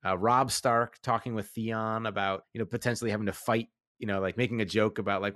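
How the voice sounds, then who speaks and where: A man's voice: on the low side, steady tone, fairly quick, hardly any pauses, a bit bright, dry recording, clean studio sound. A man in casual chat recapping a TV episode, rambling and enthusiastic with lots of fillers.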